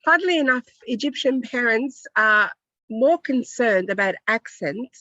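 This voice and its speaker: An Australian woman teacher, a little high in pitch with a sharp, bright tone, tells lively stories. The sound is dry and slightly muffled, like a video call. She talks with plenty of emphasis. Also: unhurried, no echo. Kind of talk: interview over video call.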